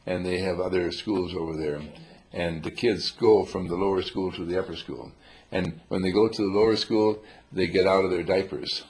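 Older man with a low gravelly voice. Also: darkish tone, slight background noise. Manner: playful, chuckling, old-fashioned exclamations. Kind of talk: rambling humorous storytelling.

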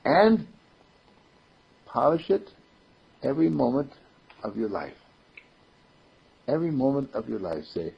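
Gravelly, husky man teaching spirit. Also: a little high, expressive, unhurried. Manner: playful, chuckling, repeats affirmations. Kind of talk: informal sermon to a group. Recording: dull lo-fi recording.

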